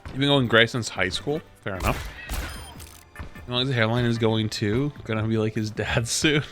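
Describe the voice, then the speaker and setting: A young man in his twenties, a streamer casually telling a story, animated and profane, often getting loud. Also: mid-range voice, normal speed, soft background music. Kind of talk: casual storytelling while gaming.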